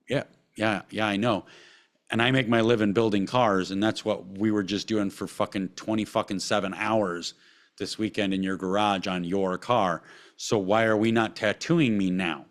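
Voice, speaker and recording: A man hosting a podcast, delivering a profane, heated rant. He swears constantly and swings between low mutters and loud outbursts. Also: brisk. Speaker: podcast host. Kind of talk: profane ranting monologue.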